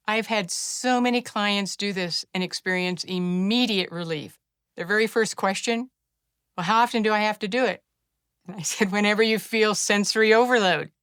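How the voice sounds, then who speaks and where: Gentle, smooth-voiced woman guiding a calm reset. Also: medium pitch, dry recording, studio quality. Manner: calm, gentle and encouraging, slowing to a soft hush during the breathing steps. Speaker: wellness practitioner teaching a self-care technique. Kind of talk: guided instruction to camera.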